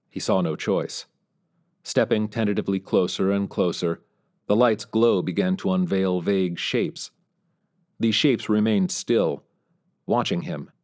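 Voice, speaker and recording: Low-voiced man narrating a story. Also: darkish tone. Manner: measured storytelling. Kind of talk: scripted narration.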